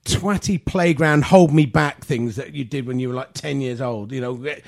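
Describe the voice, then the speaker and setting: A man's voice: mid-range voice, normal speed, vocal fry, hardly any pauses. Guy on a football podcast, blunt and sweary, stammers into his points. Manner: blunt, sweary, hesitant starts. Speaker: podcast regular. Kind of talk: casual football chat.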